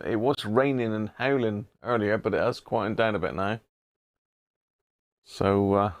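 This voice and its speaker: A middle-aged British man with a gravelly edge to his voice, chatting casually as he hosts a live stream. He greets viewers one by one and chuckles often. The sound is dry and close, with no room echo. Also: fairly low pitch. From Britain. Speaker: live-stream host, radio restorer.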